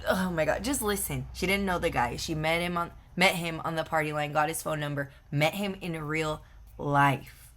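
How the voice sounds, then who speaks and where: Bright-voiced woman venting a storytime. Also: low voice, steady tone, moderate pace. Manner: blunt, profane, exasperated retelling. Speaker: vlogger. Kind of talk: storytime monologue.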